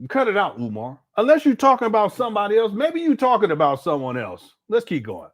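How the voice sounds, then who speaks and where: A male streamer giving reaction commentary, sarcastic and exasperated as he argues with the clip he is playing. His voice sits a little high for a man. It swoops widely in pitch. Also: sing-song, quick pace, hardly any pauses.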